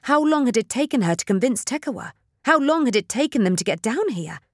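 A woman narrating an audiobook at a steady, measured pace. Her voice sits a little low. The recording is dry and close, with no room sound. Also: no echo. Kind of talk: scripted narration.

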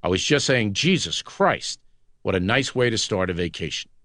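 A man reading the lines of a badly injured older army general, speaking low, weak and strained but still commanding, in a recorded audiobook. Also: animated, moderate pace, fairly bright tone, no echo, clean studio sound. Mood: weak, gruff.

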